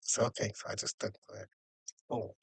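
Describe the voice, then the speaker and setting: A young man casually telling a long, animated story, jumping up in pitch whenever he acts out other people's lines. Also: moderate pace, no echo. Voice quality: animated, acts out quoted voices with jumps in pitch. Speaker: podcast host.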